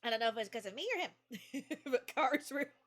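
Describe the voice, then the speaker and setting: A woman's voice: a little high, fairly quick, a bit bright. A young woman streamer chatting casually, giggling often and rambling through her stories. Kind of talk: casual chat.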